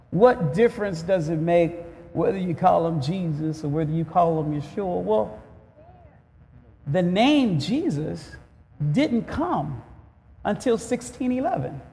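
Man, pastor, high voice, preaching, rhetorical questions to the crowd, shouting at peaks, echoing hall. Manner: builds from quiet conversational talk to shouted call-and-response preaching; asks rhetorical questions to the congregation. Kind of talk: sermon.

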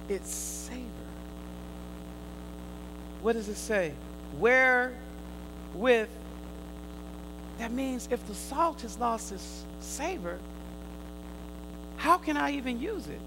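A man preaching a sermon, quizzing his listeners in call and response, swinging from loud emphatic bursts to quiet asides. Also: extremely high pitch, gravelly, a little hiss or hum, poor audio.

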